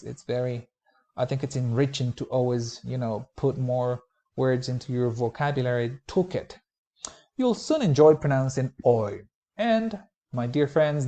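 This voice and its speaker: A man gives a recorded pronunciation lecture in a warm, relaxed tone at a middling pitch. He explains mouth positions and stretches each example word slowly so students can copy it. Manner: explanatory, slows to model words clearly. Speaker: pronunciation teacher.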